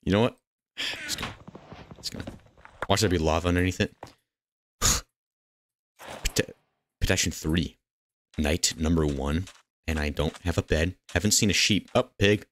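Deep-voiced man joking through gameplay. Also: a little slow, long pauses. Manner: jokey and playful, chatting to game characters; excitable outbursts. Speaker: gaming channel host. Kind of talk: casual gameplay commentary.

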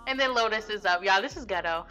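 A woman's voice: mid-range voice, fast, bright, forceful tone, faint music behind. A young woman casually commenting on her life-sim gameplay, chatty and slangy, laughing at what her characters do. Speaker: Sims let's play host.

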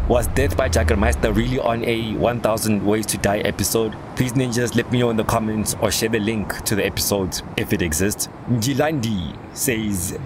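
A man's voice: lowish voice, normal speed, background noise. A man hosting a reaction video, reading out viewer comments with wry, sardonic asides.

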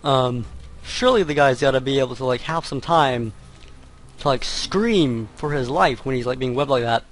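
A young man talks through his gameplay in loose, hesitant commentary, full of fillers and sudden exclamations. His voice is medium-pitched. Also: moderate pace, slight background noise. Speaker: let's play commentator.

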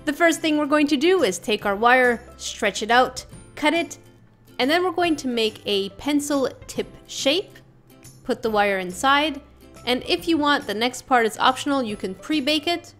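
A woman's voice: high-pitched, animated, a little slow, a bit bright, faint music behind. A woman hosting a craft tutorial in a casual voice-over, playful and full of jokey asides.

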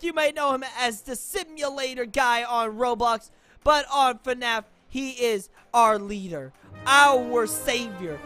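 A woman's voice: fairly high pitch, a bit bright. A woman from Boston, a YouTuber, giving playful, rambling commentary while showing character voices in a game. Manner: playful and rambling, with frequent laughs.

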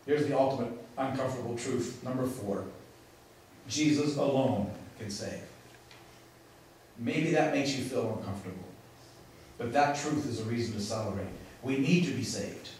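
Heard from a distance in a big, echoing sanctuary, a pastor preaches a sermon with emphasis and dramatic pauses. His medium-pitched voice is slightly mellow, and there's a faint hiss or hum.

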